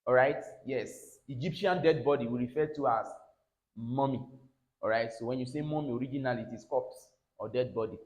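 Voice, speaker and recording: A man's voice: medium pitch, fast, hardly any pauses, darkish tone. A man teaching English pronunciation, drilling each example word and tagging his lines with "all right?". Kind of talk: classroom phonics lesson. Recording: roomy echo.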